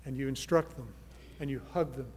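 A man preaching a sermon, earnest, moving from soft pleading to loud emphasis. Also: medium pitch, moderate pace, big-room sound, a little hiss or hum. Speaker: pastor.

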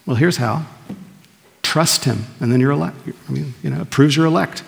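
A pastor preaching an earnest sermon, asking the congregation questions and answering them himself. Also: male voice, on the high side, moderate pace, gravelly. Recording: long reverb of a large hall.

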